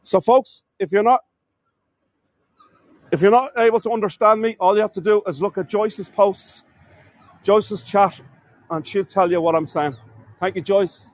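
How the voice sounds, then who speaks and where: A man from Ireland guides a live walking tour outdoors in a city, calling viewers "folks" and often stumbling and correcting himself. His voice is high-pitched, his pace a little slow, and he leaves long pauses.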